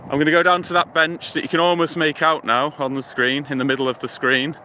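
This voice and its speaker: Strolling past a lake and river near a motorway, a man from the UK streams on a handheld phone, narrating whatever he sees in an easygoing, meandering way and talking to viewers as he thinks aloud. His bright, forward voice sits on the high side and runs a little fast. Faint traffic hum lingers behind.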